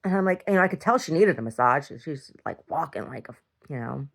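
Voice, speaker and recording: A low-pitched middle-aged woman keeps a casual video diary. She talks bluntly, swears freely and drifts from one rant into the next. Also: lively intonation, moderate pace, vocal fry, pauses often. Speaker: video diarist. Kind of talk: casual rambling monologue.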